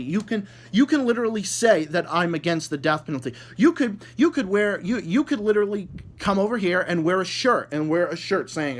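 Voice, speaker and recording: A man delivers a heated rant straight to his audience, cursing constantly and tripping over repeated words. His voice sits a bit high for a man, and it turns biting and sarcastic when he jabs at people he disagrees with. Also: animated, moderate pace, hardly any pauses. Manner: mocking, sarcastic. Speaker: vlogger ranting to viewers. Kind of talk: angry profane rant.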